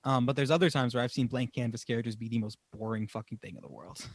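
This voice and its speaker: A man's voice: mid-range voice, fast, husky, no room sound. A man co-hosting a casual podcast chat, rambling through his thoughts with frequent laughs and swearing. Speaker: podcast co-host.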